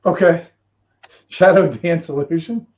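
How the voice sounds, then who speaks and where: A man narrating as game master of a tabletop game in a relaxed, rambling way. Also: a little high, measured pace, muffled recording.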